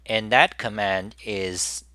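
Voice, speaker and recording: A man walks through a live software demo, speaking slowly and stopping often to restart and repeat himself. His voice sits a little low but comes across bright and forward. The recording is dry, with no room sound. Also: steady tone, dry recording. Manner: halting, repeats words and restarts while working. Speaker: programming tutorial host.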